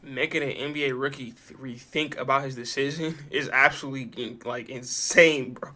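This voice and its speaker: A man's voice: medium pitch, steady tone, a little fast, pushed and bright, slight background noise. A man hosting a reaction video, reacting with slang and disbelief. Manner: incredulous slang, says "bro" a lot. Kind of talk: casual reaction commentary.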